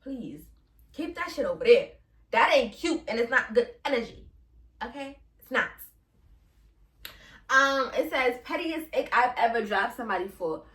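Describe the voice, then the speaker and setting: A bright, high-voiced young woman with a New York accent chats bluntly and sassily on her podcast, her voice jumping up when she gets worked up. She sits a little back from the mic, so the room rings around her. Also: normal speed, long pauses, recorded from a distance. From Brooklyn, New York. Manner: blunt, sassy, laughs often, swoops up when excited. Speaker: podcast host. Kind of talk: casual solo podcast chat. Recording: roomy sound, a bit off the mic.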